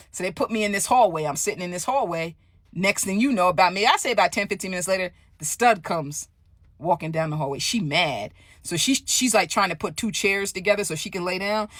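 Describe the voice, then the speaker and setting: A woman telling a story in a casual vlog, animated and profane, often asking "right?". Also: mid-range voice, no room sound, clean studio sound.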